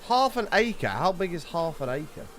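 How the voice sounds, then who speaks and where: A man's voice: high voice, normal speed, faint music behind. A man chatting casually on a game livestream, reading chat and swearing often. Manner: animated, swears often, reads chat aloud. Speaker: streamer.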